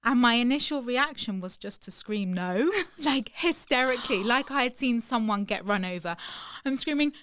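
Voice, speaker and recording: A woman co-hosting a casual podcast chat, telling animated stories and laughing often. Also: a little high, moderate pace, slight background noise. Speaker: podcast co-host.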